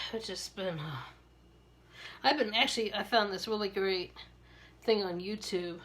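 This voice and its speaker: A woman's voice: medium pitch, a little slow, fairly bright tone. A woman with a Maryland accent chatting casually and rambling, laughing often as she styles her hair. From Maryland, USA. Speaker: beauty vlogger. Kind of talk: casual chat while styling hair.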